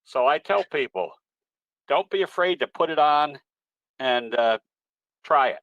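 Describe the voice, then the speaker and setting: A man's voice: a little high, animated, unhurried, fairly bright tone, dry recording, muffled recording. A man presenting at an online trading webinar, answering questions in a folksy, easygoing, rambling way. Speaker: guest presenter, trading educator. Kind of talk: webinar Q&A, explaining.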